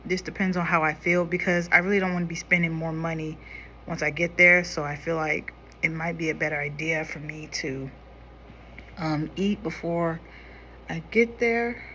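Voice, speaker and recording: A young woman casually chatting to her viewers while doing her makeup, going quieter as she concentrates. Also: low voice, fairly even intonation, moderate pace, slight background noise. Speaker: makeup vlogger. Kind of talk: casual makeup tutorial chat.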